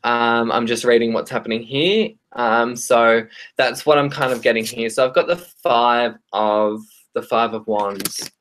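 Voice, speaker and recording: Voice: medium pitch, steady tone, unhurried, a bit bright. Australian tarot reader, chatty and hesitant. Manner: friendly, hesitant with frequent ums and restarts. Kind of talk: live-streamed tarot reading, chatting with viewers.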